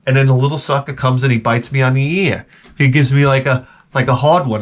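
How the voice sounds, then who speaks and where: Man, middle-aged, crude comic storyteller, rambling restarts, medium pitch. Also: fairly quick. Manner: profane, animated, storytelling with restarts. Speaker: host. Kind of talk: casual comic rant.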